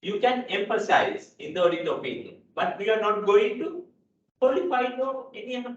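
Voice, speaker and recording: A man's voice: sits high, expressive, normal speed, slight background noise. A man giving a classroom lecture on accounting, repeating key points and checking in with "right?". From Sri Lanka. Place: lecture hall. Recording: dull, echoey hall audio from a distance.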